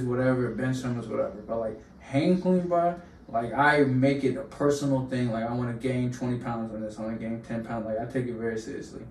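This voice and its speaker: A man's voice: medium pitch, gravelly. A young man in casual podcast chat, telling long fired-up stories full of slang. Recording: roomy room, distant mic, faint hum.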